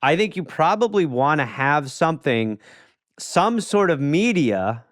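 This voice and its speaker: Brief: male comedy podcast co-host, quick riffing advice-giver, close dry studio mic. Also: fairly high pitch, sing-song, no room sound. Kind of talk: comedic casual chat.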